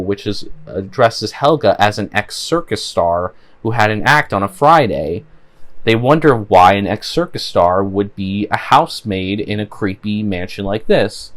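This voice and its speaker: A man casually recapping a cartoon episode, rambling with frequent fillers and restarts. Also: lowish voice. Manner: rambling, many "you know" fillers. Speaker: show reviewer.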